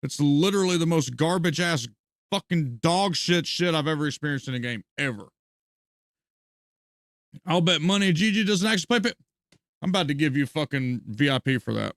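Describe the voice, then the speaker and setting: Male game streamer, high and gravelly voice, profane animated rants, dry close sound. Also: moderate pace, no echo. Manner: profane, animated ranting with frequent laughs. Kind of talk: live gameplay commentary and ranting.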